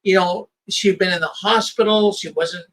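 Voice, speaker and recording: Bright-voiced high-pitched man, emphatic. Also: fairly even intonation, normal speed, rough recording. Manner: emphatic, repeats words when starting. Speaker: host. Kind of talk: casual conversation.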